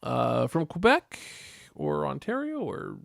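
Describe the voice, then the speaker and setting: A man's voice: a little high, wildly swooping pitch, takes it slowly, vocal fry, no echo, clean studio sound. A man from Western Canada hosting a casual live stream, rambling and chatty as he answers viewers in the chat. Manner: rambling, chatty, laughs often. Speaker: livestream host.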